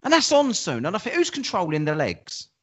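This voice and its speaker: A man co-hosting a podcast, chatting casually, excitable and swearing, often laughing. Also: high-pitched, brisk, slightly rough. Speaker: podcast co-host. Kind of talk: casual banter.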